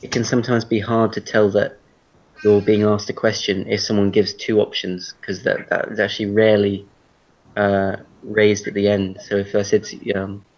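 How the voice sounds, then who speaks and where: A man's voice: on the low side, level tone, normal speed. A man teaching an online English class, explaining casually with spoken examples over a video call. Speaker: English tutor. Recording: dull lo-fi video call audio.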